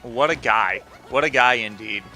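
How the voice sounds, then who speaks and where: A man's voice: medium pitch, normal speed, pushed and bright, faint music behind. A young man casually commenting on a game he is playing, joking and rambling with lots of fillers. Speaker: let's play host.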